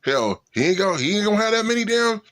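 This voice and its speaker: A man's voice: sits high, sing-song, fast talker, a bit bright. A man in a casual, profane rant, swearing and sounding incredulous. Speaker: vlogger.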